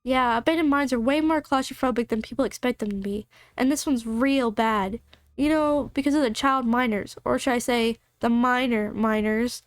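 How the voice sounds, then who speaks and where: Woman reading a cheery ghost hunter girl in a game, high voice, jokey. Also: moderate pace, no echo, studio quality, close to an everyday voice. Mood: playful. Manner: playful and cheerful. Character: upbeat ghost-hunting young woman.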